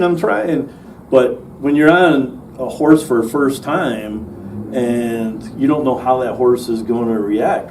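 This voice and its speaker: A man's voice: medium pitch, a little mellow. A man, an actor, telling stories about his work in a casual interview, rambling with fillers and restarts. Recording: distant mic with faint noise.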